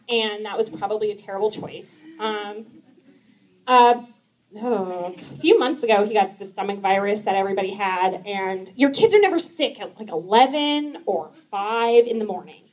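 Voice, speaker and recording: A woman in her thirties doing stand-up comedy at a live event, chatty, with lots of "um"s and laughing at her own jokes. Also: medium pitch. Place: live event in front of an audience.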